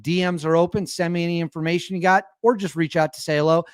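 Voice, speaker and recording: A man's voice: a little high, steady tone, fast talker, clear, resonant tone, no room sound, clean studio sound. A young man hosting an opinionated commentary show, talking in an incredulous and mocking way. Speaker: commentary host.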